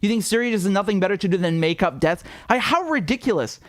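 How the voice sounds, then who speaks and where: A young adult man with a high, animated voice hosts a live political commentary stream as an independent commentator, talking fast in a heated, sarcastic and profane way. He stumbles over restarts and reads viewer donation messages aloud, in clean, echo-free studio sound.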